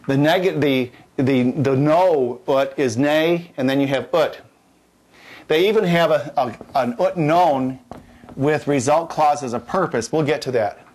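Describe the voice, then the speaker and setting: A man's voice: a little high, a little slow, a little mellow. A middle-aged man teaching Latin at a whiteboard in a classroom, folksy and jokey, repeating key points and restarting his sentences.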